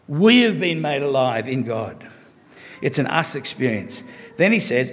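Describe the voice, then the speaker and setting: A man preaching a sermon, earnest and emphatic, slowing down to stress key phrases. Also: on the high side, expressive. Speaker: pastor. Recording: long hall reverb.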